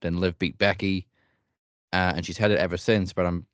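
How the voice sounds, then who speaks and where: A man co-hosting a wrestling podcast, calmly breaking down the matches in a measured, analytical way. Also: low voice, dry recording, highs cut off. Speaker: podcast co-host. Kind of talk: casual chat.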